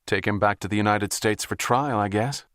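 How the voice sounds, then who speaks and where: A man's voice: fairly low pitch, normal speed, a bit bright, no room sound, studio quality, lightly acted. A man reading the lines of a tough woman field agent who gives curt orders in an audiobook. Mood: commanding. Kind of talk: audiobook character voice.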